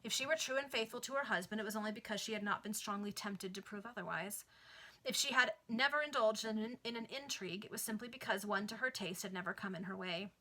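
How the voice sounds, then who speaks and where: A woman reading a Victorian novel aloud to friends over a video call, expressive, with small slips and asides. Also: mid-range voice, fast talker. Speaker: reader. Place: home.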